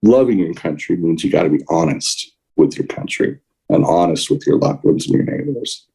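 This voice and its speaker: Guy on a podcast going off on a heated political rant, lowish mellow voice. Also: expressive, moderate pace, creaky, husky, low-quality recording. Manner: emotional, indignant, preachy. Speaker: podcast co-host. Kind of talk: impassioned political commentary.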